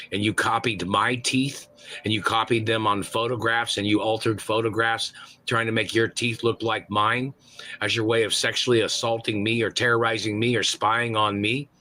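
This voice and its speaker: A man with a lowish voice and a hard, forceful edge unloads a furious, profane rant. He shouts and curses through his accusations, pushing each line with tension and force. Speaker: caller on a livestream.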